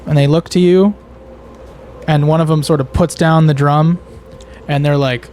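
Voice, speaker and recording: A man's voice: on the high side, fairly even intonation, moderate pace, long pauses, darkish tone, slight background noise. A man narrating a tabletop game as game master, in a loose, conversational way with fillers.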